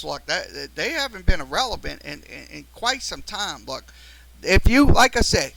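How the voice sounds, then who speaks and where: A man's voice: sits high, creaky, pushed and bright, low-quality recording. A man hosting a live-streamed sports talk show, rambling with many fillers and restarts and getting upset at a viewer. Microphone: studio mic through a mixer.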